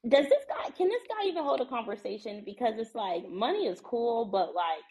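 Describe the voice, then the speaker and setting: A woman's voice: on the high side, fairly quick, crowd noise, low-quality recording. A woman from the United States, a podcast guest, telling a story in casual chat and acting out the dialogue. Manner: animated, acts out dialogue.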